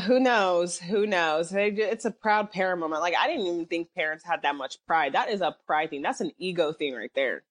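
A woman co-hosting a casual chat podcast, talking in a relaxed, thoughtful way. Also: fairly low pitch, normal speed, no echo. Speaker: podcast co-host.

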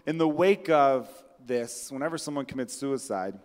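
A man's voice: mid-range voice, lively intonation, moderate pace, a little mellow. A man hosting a comedy podcast in casual chat, joking wryly and swearing freely about himself. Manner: wry, profane, self-mocking jokes. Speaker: podcast host. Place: room with friends present. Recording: long hall reverb.

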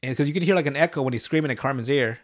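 A man's voice: mid-range voice, rapid-fire. A man hosting a podcast, casually recapping a cartoon episode in a loose, profane way and laughing often. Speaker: podcast host.

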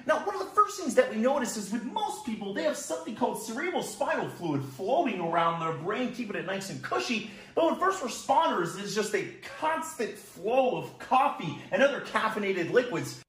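A man's voice: high-pitched, very animated, normal speed, hardly any pauses, fairly bright tone, pitched above the performer's own voice. A man voicing a chirpy male phone operator and announcer in a comedy sketch. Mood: chipper. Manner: upbeat announcing. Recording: echoey room with faint noise.

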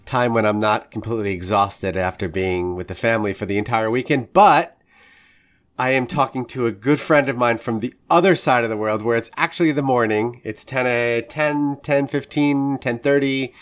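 A man's voice: medium pitch, normal speed. A man with an American accent hosting a chatty show, friendly and laughing often. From United States. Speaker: podcast host. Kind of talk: casual chat.

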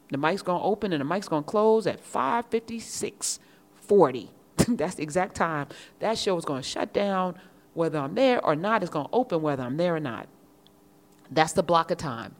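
A woman hosting a casual podcast monologue, talking with passion and firing off emphatic rhetorical questions. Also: rumbling low. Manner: repeats words when starting a thought. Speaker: podcast and radio host.

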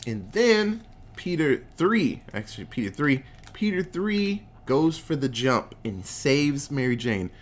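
A podcast co-host giving an excitable, profane, casual movie recap. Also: medium pitch, slow. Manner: excitable, profane, laughing often.

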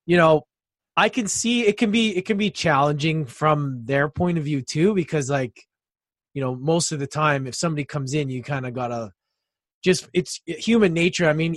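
Higher-voiced male host, dry sound. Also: no echo. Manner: halting, many fillers. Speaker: podcast host. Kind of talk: casual interview chat.

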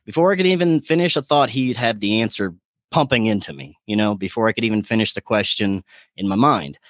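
Earnest adult man, recounts a personal story haltingly in a dry, close recording. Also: on the low side, dry recording. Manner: earnest, halting, searching for words. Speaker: guest recounting a spiritual experience.

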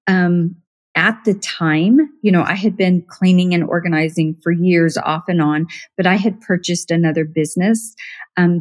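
A middle-aged woman with a lowish voice talks through her story in a relaxed interview. She is chatty and animated, slipping into the voices of people she quotes and laughing as she goes. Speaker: professional organizer, podcast guest.

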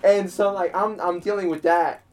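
A man's voice: high-pitched, steady tone, normal speed. A young man casually telling a long story, rambling with repeated words, frequent swearing and laughter. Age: young adult.

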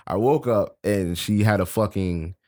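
Speaking at a measured pace in a voice on the low side, a man co-hosts a casual podcast chat. His storytelling is animated, peppered with curses and laughter.

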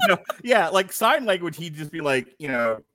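A middle-aged man co-hosting a casual movie-review podcast, excitable and rambling, full of fillers and laughter. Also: fairly high pitch. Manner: rambling storyteller with many fillers. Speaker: podcast co-host.

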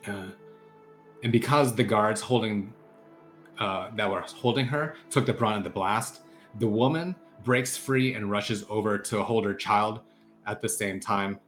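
A man narrating as game master of a tabletop game, halting with many fillers and restarts. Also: fairly low pitch, fairly even intonation, a bit bright, faint music behind.

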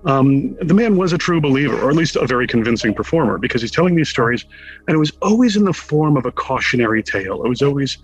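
A man from Connecticut, a guest in an interview, telling a lively anecdote with wry humor and acting out the quotes. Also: medium pitch, quick pace, faint music behind, poor audio. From Connecticut, USA. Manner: animated storyteller who acts out quotes with wry humor. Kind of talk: casual anecdotal storytelling.

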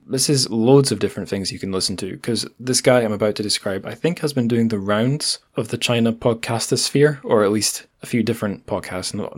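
A Scottish man hosting a podcast in an easygoing monologue, his voice sitting a little low. He rambles in a friendly way, trips over words and laughs off his own slips. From Scotland. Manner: chatty, self-deprecating, with frequent restarts and asides. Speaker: podcast host.

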